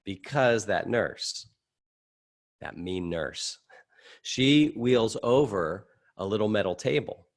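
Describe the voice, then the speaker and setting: A middle-aged man teaching a session to an audience, telling a personal story in a lively, conversational way and jumping up in pitch at dramatic moments. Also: slow. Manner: animated storytelling, conversational, rising excitement at high points. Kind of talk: anecdotal teaching talk to an audience.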